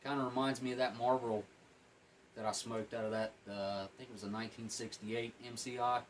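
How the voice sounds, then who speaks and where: In poor-quality audio with slight background noise, a plain-spoken MRE reviewer eats, smokes and rambles through a casual food review, occasionally talking with his mouth full. His voice is mid-range, flat in delivery and fairly quick.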